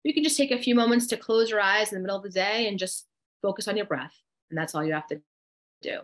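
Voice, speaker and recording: A woman's voice: mid-range voice, fast talker. Woman with a Jersey accent leading a workshop. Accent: New Jersey. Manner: encouraging, guides breathing exercises step by step; reads and reacts to chat comments. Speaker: co-host and coach. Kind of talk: live online workshop.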